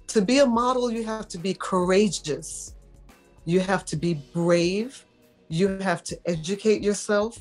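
Animated woman telling stories. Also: medium pitch, a little slow, soft background music. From New York. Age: middle-aged. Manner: animated storyteller, acts out quoted voices. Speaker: model, interview guest. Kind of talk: casual interview storytelling.

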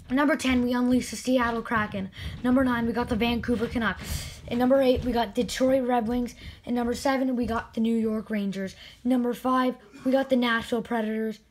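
A woman hockey video creator giving excited spin-the-wheel commentary with indignant outbursts. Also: fairly high pitch, normal speed, a little hiss or hum, rough recording.

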